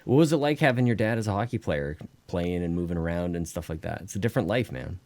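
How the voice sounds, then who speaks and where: A man hosting a podcast, chatting casually and encouraging his guest with quick replies. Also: low-pitched, background noise. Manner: lively, encouraging listener with frequent laughs. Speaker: podcast host. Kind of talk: casual chat. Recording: dry close audio.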